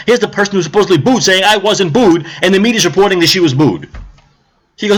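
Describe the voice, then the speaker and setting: A man's voice: high-pitched, fast talker. A man hosting a live stream, delivering a sarcastic political rant, mocking others and swearing.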